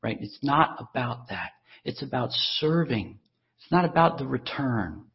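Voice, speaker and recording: Slow-speaking earnest male preacher. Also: medium pitch, expressive. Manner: earnest, emphatic, repeats words for stress. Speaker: pastor. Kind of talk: sermon. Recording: dull lo-fi recording.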